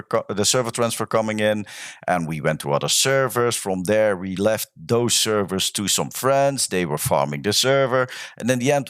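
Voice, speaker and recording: Low-ish guy on a podcast, candid gaming chat, dry close sound, restarts a lot. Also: no echo. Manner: candid, admits past mistakes, talks in restarts. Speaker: podcast host. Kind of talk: casual chat about an online game.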